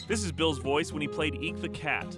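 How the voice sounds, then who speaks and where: A man narrating a documentary in a measured, storytelling way. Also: fairly high pitch. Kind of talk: scripted narration. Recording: narration over loud music.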